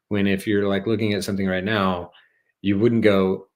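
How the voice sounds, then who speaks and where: Male host, slightly low voice, loose playful delivery, jokey, rambles, some swearing. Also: flat delivery, moderate pace. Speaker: host of a spiritual channel show. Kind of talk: casual rambling livestream monologue.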